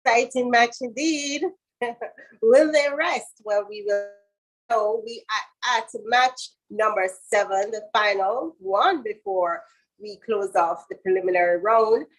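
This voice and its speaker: A woman's voice: on the high side, slow, rough recording. A woman moderating a school debate in a formal announcing manner. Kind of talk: event hosting.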